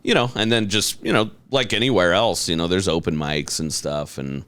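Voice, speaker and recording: A man's voice: sits low, moderate pace, fairly bright tone, smooth, no room sound. A man in his thirties, a comedian guest on a studio podcast, chatting casually in a laid-back, joking way with lots of fillers. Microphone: studio mic.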